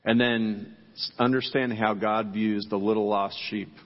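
A man's voice: lowish voice, level tone, normal speed. Middle-aged male pastor, laid-back and joking, preaching in a church with a long echo and a muffled, dull sound. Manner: casual, joking, talks straight to the congregation. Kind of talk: sermon. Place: church sanctuary.

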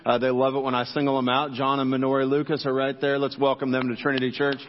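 A man's voice: mid-range voice, monotone, fast talker. A middle-aged man preaching a sermon to his congregation in a casual, joking way, talking straight to the people. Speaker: pastor. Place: church sanctuary. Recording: dull sound with long church reverb.

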